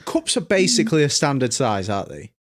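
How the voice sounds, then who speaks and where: A man's voice: mid-range voice, sing-song, brisk. A man co-hosting a podcast with dry, grumpy, sarcastic remarks and swearing. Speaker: podcast co-host. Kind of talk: casual banter.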